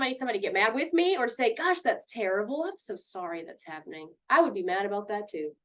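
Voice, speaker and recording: A woman teaching a mindfulness lesson on handling anger, talking casually and acting out what friends might say. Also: a little high. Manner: lively, conversational, acts out quoted friends.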